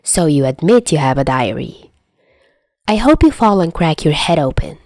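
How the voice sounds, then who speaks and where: A woman's voice: low voice, big pitch swings, moderate pace, a little mellow, dry recording. Woman doing a mocking, teasing young man. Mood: snide. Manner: mocking, sing-song taunting.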